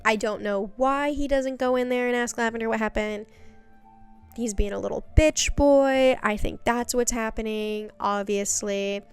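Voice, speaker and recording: A woman's voice: on the high side, fairly even intonation, unhurried, clear, resonant tone, soft background music. A young woman giving a casual, chatty recap of a web series, full of sassy, exasperated asides.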